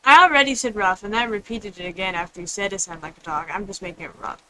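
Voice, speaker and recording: A woman's voice: mid-range voice, quick pace, pushed and bright, a little hiss or hum, poor audio. A woman streaming a game, chatting casually in a rambling way and answering chat. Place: home room with others nearby.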